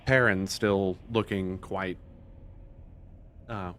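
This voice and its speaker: A man's voice: low voice, steady tone, drawn-out words, a bit bright, a little hiss or hum. A man narrating a tabletop game as game master, hesitant with many fillers.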